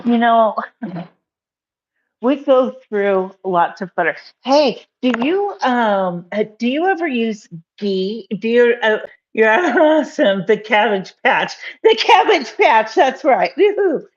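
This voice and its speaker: A woman's voice: fairly high pitch, lively intonation, takes it slowly, muffled recording. A woman chatting casually through a home cooking video, rambling with many fillers and frequent laughter. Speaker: cooking vlogger. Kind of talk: casual cooking chat to camera.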